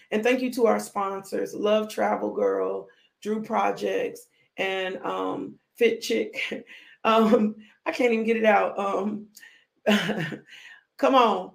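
A woman minister delivering a fervent devotional blessing in a gravelly voice. Her pitch stays flat and even as she repeats blessing after blessing, now and then breaking into whoops.

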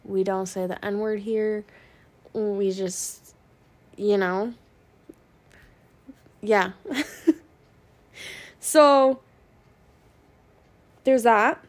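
A young woman hosting her own podcast in a casual, rambling way, frank and swearing, with many ums and pauses. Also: medium pitch, fairly even intonation. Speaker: podcast host.

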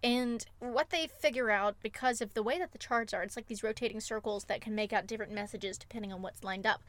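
A woman's voice: on the high side, fast talker, fairly bright tone. A woman co-hosting a podcast, retelling film scenes with emotive enthusiasm in casual chat. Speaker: podcast co-host.

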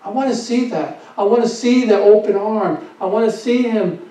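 The sermon comes from a male pastor whose mellow voice sits high and moves at normal speed; he stresses points, asks rhetorical questions, and repeats himself. Sound from the faraway mic is echoey and dull.

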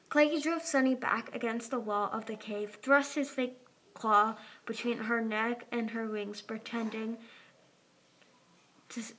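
A woman reading a children's fantasy book aloud, expressive, doing character voices. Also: a little high. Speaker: audiobook reader. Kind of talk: amateur audiobook narration.

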